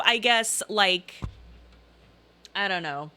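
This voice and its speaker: Bright-voiced chatty woman with a Southern Illinois accent. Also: medium pitch, lively intonation, normal speed. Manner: chatty, rambling, laughs often. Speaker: streamer reading chat. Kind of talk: casual live-stream chat.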